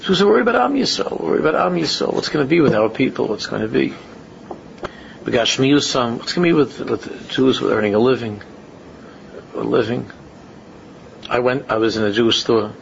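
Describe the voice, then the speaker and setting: A man's voice: medium pitch, moderate pace, gravelly, pauses often, slight background noise. A man giving an informal religious talk, repeating his phrases and rising into emphatic questions. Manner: repetitive, restates phrases, rises to emphatic questions. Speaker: religious speaker. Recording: muffled lo-fi recording.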